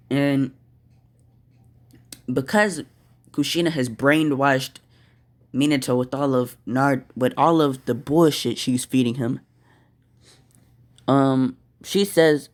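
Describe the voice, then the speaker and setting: A man telling an improvised fan story, slow and halting, with fillers. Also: medium pitch.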